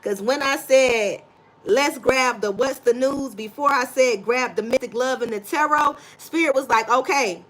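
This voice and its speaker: A woman's voice: high-pitched, measured pace, a bit bright. A woman giving a live tarot reading, effusive and repetitive, greeting chat viewers as baby and y'all. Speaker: tarot reader.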